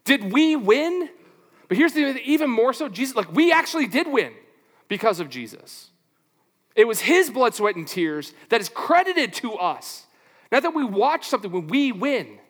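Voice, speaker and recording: A man preaching a sermon as pastor, animated, asking rhetorical questions and playing out little back-and-forth exchanges. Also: very high voice, moderate pace, in a large hall.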